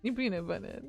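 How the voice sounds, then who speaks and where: A woman streaming a video game and chatting casually with her viewers, giggly and teasing. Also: fairly high pitch. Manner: chatty, giggly, answers chat. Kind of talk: casual live-stream chat.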